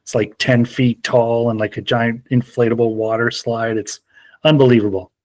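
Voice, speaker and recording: A man's voice: medium pitch, steady tone, moderate pace, darkish tone, dry recording. A man co-hosting a sports podcast, easygoing and chatty in casual talk. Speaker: podcast co-host.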